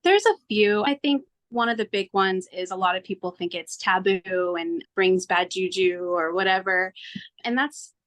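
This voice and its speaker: A woman being interviewed as a tarot reader, telling her story in an earnest, animated way and acting out her own past thoughts. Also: mid-range voice, moderate pace. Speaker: tarot reader, podcast guest.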